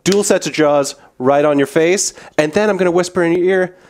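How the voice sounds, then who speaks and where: A man's voice: a little high, fairly quick, vocal fry, background noise. A man in a playful debate who stammers before turning to confident taunts. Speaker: debate contestant. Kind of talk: playful trash-talk debate.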